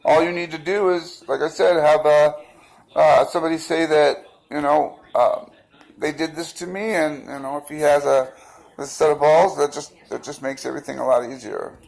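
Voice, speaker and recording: A man's voice: on the high side, fairly even intonation, normal speed, gravelly, a little mellow, low-quality recording. A man telling a personal account in a rambling, casual way, full of fillers and restarts, acting out the other people's quoted lines. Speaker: protester recounting events. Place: outdoors by a busy street.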